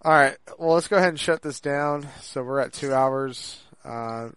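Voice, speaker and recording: A man co-hosting a podcast in casual chat, rambling and halting with lots of fillers and restarts. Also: mid-range voice, fairly bright tone, clear, resonant tone, no room sound. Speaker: podcast co-host.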